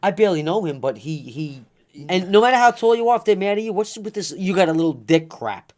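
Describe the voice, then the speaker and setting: A man, telling stories as an interview guest in a loud, blunt, profane rant. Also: high voice, animated, fairly quick. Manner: loud, blunt, swearing constantly. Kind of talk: profane ranting storytelling.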